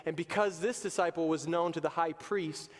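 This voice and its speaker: A man's voice: fairly high pitch, normal speed. A male pastor preaching a sermon in an emphatic, conversational way, in a church sanctuary. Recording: long reverb of a church hall.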